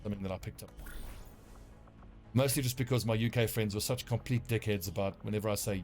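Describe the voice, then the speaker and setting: A man's voice: on the low side, fairly even intonation, fast, pauses often, darkish tone, soft background music. A man with a South African accent, rambling and swearing casually as he streams a game. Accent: South African English. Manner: rambling, profane, self-mocking. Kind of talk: casual gameplay commentary.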